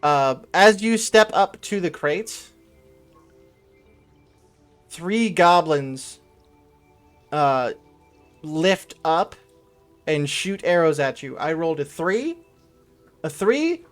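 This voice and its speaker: A man running a tabletop game with an unhurried, somewhat high voice. He narrates in a casual, loose way and swears now and then, with faint music playing behind him. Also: a bit bright. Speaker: game master.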